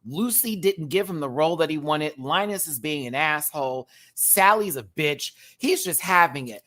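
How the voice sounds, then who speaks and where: A man hosting a casual reaction show, campy and chatty, swinging from loud exclamations to quiet asides and laughing often. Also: a little high, lively intonation, normal speed. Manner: campy and chatty, repeats words for emphasis.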